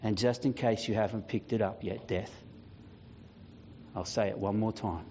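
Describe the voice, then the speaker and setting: A man voicing a risen divine saviour who defiantly answers Death in a dramatic sermon monologue, proclaiming slowly and solemnly. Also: on the low side, fairly even intonation, a little hiss or hum, voice pushed down, close to an everyday voice. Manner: slow, solemn proclaiming with long pauses, growing quieter and weightier. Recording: dull lo-fi sound.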